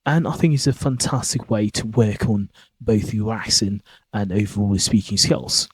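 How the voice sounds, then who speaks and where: Guy teaching pronunciation, a bit husky, dry close sound, rambly with lots of ums. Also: fairly low pitch, normal speed, dry recording, rough recording. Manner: rambling, many fillers and restarts. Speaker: podcast host teaching pronunciation. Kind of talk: informal spoken lesson.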